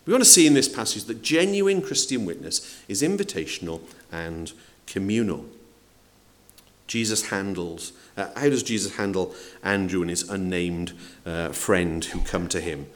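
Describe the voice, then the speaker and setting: A man's voice: low voice, expressive, normal speed. A man preaching a sermon in a conversational way, asking the congregation questions and acting out quotes. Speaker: pastor.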